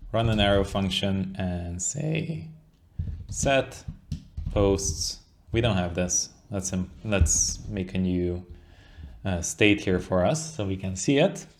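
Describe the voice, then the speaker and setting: Thinking out loud during a casual screen-share coding walkthrough, a young instructor explains his code and keeps tossing in "right?" His voice sits on the low side, and there's slight background noise.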